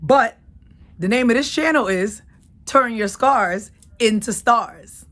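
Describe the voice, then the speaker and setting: Woman, thirties, casual storytelling, emphatic, animated, repeats herself for effect. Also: on the high side, slow pace. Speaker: channel host.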